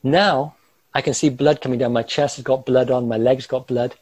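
A man with a husky, mellow, mid-pitched voice tells a vivid first-person story about an ordeal he went through, speaking at a moderate pace. Animated and gesturing, he chuckles through the tense moments. The recording is dry and of low quality.

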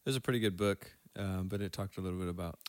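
A man co-hosting a casual podcast, relaxed and agreeable, chiming in often. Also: deep voice, clear, resonant tone, no room sound, clean studio sound. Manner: relaxed, agreeable, quick backchannels. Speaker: podcast co-host. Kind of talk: casual chat.

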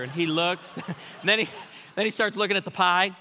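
A man preaching a sermon with a high, bright voice that rings through a long reverberant hall. He tells humorous stories and builds to energetic challenges. He sounds like a pastor addressing a congregation. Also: fairly quick, slight background noise. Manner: storytelling with humor, rising to energetic exhortation.

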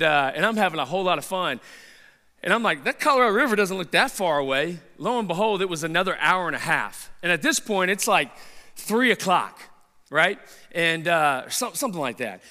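A man preaching a sermon, telling a personal story in an animated way and often repeating words. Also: high voice, moderate pace, big-room sound.

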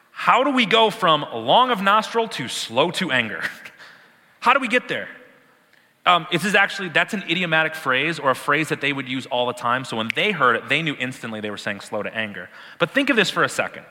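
A man's voice: fairly high pitch, sing-song, normal speed, pushed and bright, big-room sound. A man teaching a sermon, explaining words with emphatic repetition and the odd laugh. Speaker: preacher.

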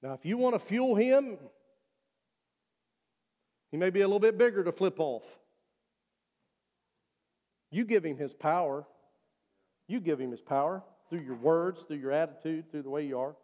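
A man's voice: fairly high pitch, moderate pace, pauses often, dark tone. A male pastor preaching a sermon and leading an altar call, earnest and repeating his appeals. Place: church sanctuary. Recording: long church reverb.

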